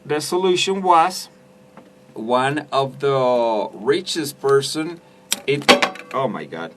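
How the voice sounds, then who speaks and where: Slow, hesitant radio co-host man. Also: mid-range voice, animated. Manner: hesitant, searching for words. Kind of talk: casual radio chat about films. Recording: distant mic with some background noise.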